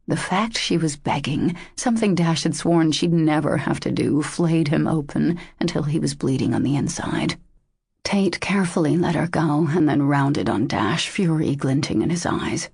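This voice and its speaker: A woman narrating a romance audiobook in a measured, intimate way. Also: low-pitched, animated, creaky, a little mellow, breathy edge, no echo, clean studio sound.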